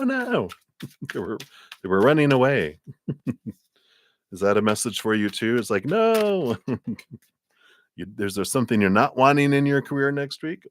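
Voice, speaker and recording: A man's voice: on the low side, no echo, studio quality. A man doing a live tarot reading stream, talking animatedly, acting out little voices and laughing often. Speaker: tarot reader.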